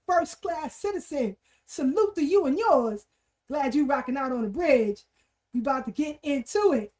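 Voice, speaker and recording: A woman's voice: high voice, animated, moderate pace, a little mellow. A woman hosting a casual livestream, energetically greeting viewers and repeating her greetings. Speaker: livestream host. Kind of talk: casual livestream shout-outs and chat.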